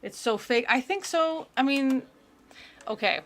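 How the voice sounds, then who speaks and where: A woman's voice: high voice, animated, measured pace. Chatty woman joking through a reaction stream. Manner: chatty, joking, rambling asides. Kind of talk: casual reaction commentary.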